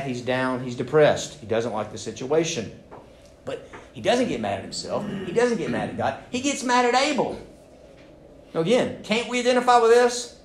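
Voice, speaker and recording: Speaking at a medium pitch, this male pastor delivers a lively sermon from the church sanctuary, performing the voices of those he quotes. The sound carries a spacious echo with a little background noise.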